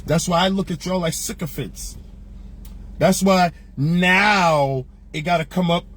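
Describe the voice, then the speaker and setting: A man with a high, husky voice delivers a passionate, profanity-laced rant as the host of his opinion show. He talks loosely and heatedly, with lots of slang, like someone holding court among friends. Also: measured pace, fairly bright tone. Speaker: podcast host. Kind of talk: ranting opinion monologue.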